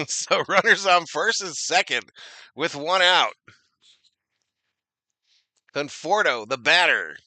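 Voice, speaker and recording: Excitable guy calling a ball game for his stream, super bright voice, dry sound. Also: on the high side, slow pace, long pauses, no echo. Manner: excitable, slangy, laughs often, reads chat comments aloud. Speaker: live-stream baseball commentator. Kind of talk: casual fan play-by-play commentary.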